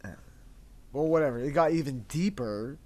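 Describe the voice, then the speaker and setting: A man's voice: on the high side, normal speed, dark tone. Emotional rambling man in casual chat. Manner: rambling, emotional, swears freely. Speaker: podcast co-host, husband.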